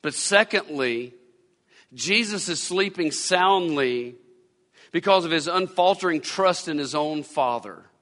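A man's voice: on the high side, lively intonation, a little slow, fairly bright tone. A man preaching a sermon as pastor, repeating phrases for emphasis. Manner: preaching with repetition and rising emphasis. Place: church sanctuary. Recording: long church-hall reverb.

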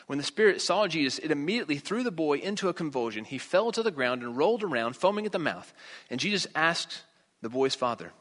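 A man's voice: on the high side, animated, fast, fairly bright tone, in a large hall. A man preaching a conversational sermon, reading scripture and asking the listeners rhetorical questions.

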